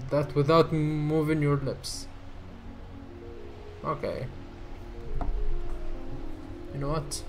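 Slow-talking excitable gamer man. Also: a little high. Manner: excitable, reads game dialogue aloud and laughs often. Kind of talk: let's play commentary.

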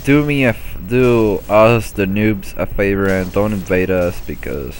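A man's voice: lowish voice, measured pace, slight background noise. A man giving casual let's-play commentary on his own gameplay, laughing often and swearing freely. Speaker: gameplay video host.

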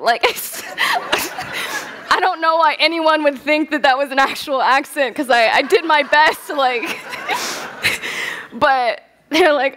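A woman's voice: sits high, animated, unhurried, a bit bright, slight background noise. A young woman giving a casual, candid stage talk at a festival, telling stories with lots of swearing and laughter. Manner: candid, profane, laughs often. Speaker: festival speaker.

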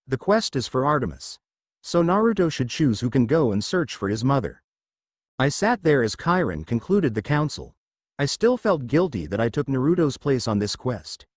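A male narrator reads an adventure fan fiction aloud. His pitch rises and falls freely as he tells it. The sound is close and dry, with no room echo. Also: slightly rough.

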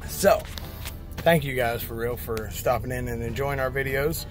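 A man, a trucker doing a loud country-boy comedy skit and chatting casually with viewers. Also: medium pitch, moderate pace, music in the background. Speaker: trucker vlogger.

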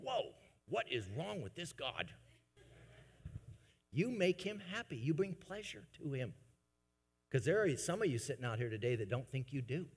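A man preaching a sermon to his congregation, swinging between soft, low asides and loud, emphatic bursts. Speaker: pastor. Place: church sanctuary. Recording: long church reverb.

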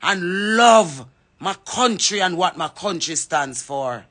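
A woman's voice: fairly low pitch, expressive, slow, a bit bright. Fervent Jamaican woman rallying people. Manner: fervent and emphatic, rallying and calling out others by name. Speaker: reggae artist. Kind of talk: impassioned public address.

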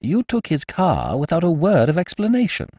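A man's voice: on the high side, huge pitch swings, moderate pace, darkish tone, breathy edge, dry recording, clean studio sound, pitched above the performer's own voice, full character voice. A man voicing a sensible young Englishman who speaks in a pacifying, reasonable way. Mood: placating.

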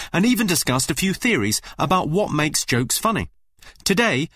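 A man hosts a comedy radio show with deadpan, dry wit. His voice sits slightly high and swings widely in pitch. The studio sound is close and dry, with no room in it. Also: no room sound. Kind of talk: scripted radio presenting.

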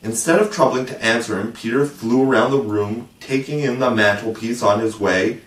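A man narrating a storybook aloud with expressive, measured delivery, recorded with a roomy, distant mic. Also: mid-range voice. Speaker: audiobook narrator. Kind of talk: storybook reading.

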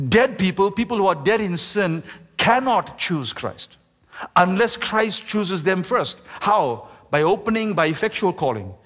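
A man, the pastor, preaching a sermon with emphasis, slowing down and stretching key words. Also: high-pitched, a bit bright. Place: church sanctuary. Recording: echoey church hall.

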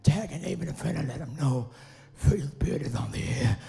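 A man's voice: on the high side, expressive, fairly quick, creaky, mellow. A man preaching as a bishop, exhorting the congregation with call-and-response, a little out of breath. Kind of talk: lively sermon. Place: church sanctuary. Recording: long church reverb.

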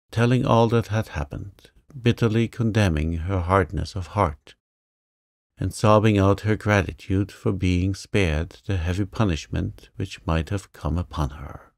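A man reading a sleep story aloud in a calm, gentle manner. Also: low-pitched, vocal fry, no echo, studio quality. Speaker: narrator. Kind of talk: slow sleep story narration.

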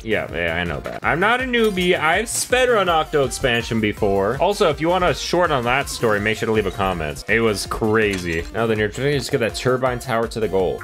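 Young man, gameplay commentary, mock-boastful, very lively swooping pitch, music playing underneath. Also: fairly quick, hardly any pauses. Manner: playful, mock-boastful, excitable. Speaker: gaming YouTuber. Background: game music.

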